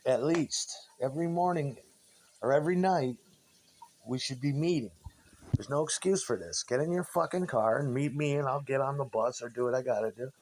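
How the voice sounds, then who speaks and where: A man's voice: medium pitch, moderate pace, a little mellow, a little hiss or hum. A man in a rambling, casual monologue, swearing freely and restarting his sentences as he tells stories about his old bandmates. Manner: meandering, profane, frequent restarts.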